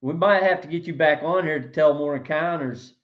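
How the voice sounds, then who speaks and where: A male podcast host chatting casually with his guest, enthusiastic and quick to laugh. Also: on the high side, narrow, tinny audio. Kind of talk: casual interview chat.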